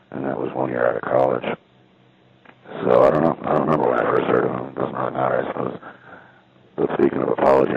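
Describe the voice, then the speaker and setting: A man's voice: extremely low pitch, gravelly, slightly rough, muffled recording. A man rambling hesitantly in a casual monologue, often doubting his own memory, recorded from a payphone.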